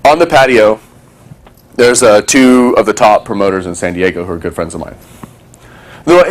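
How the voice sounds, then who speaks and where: A man's voice: lowish voice, expressive, fairly quick. A man talking casually to a small group, telling a story and acting out other people's voices, swearing freely.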